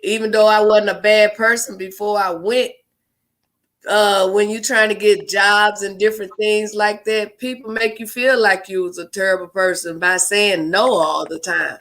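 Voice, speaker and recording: Bright-voiced male talk show co-host. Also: high voice, fairly even intonation, normal speed. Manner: loose, rambling, southern-style slang. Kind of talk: casual talk show chat.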